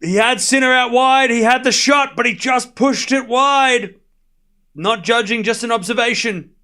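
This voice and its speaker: Live-streaming his commentary, a very high-voiced man narrates a tennis match shot by shot at a rapid clip. Big points set off excited shouts, and he trades teasing banter with his chat throughout.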